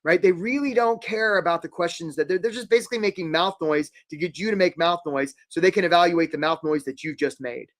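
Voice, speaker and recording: Animated high-voiced man coaching a webinar. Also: brisk, few pauses. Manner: animated, acts out little quoted voices, jokey. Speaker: career coach hosting a live webinar. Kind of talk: energetic live webinar talk.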